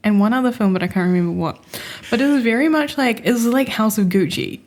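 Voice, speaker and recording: A woman's voice: fairly high pitch, fairly quick. Woman ranting about a movie on a podcast, laughs a lot. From Australia. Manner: laughing, mocks accents with put-on voices. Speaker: podcast co-host. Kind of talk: casual chat.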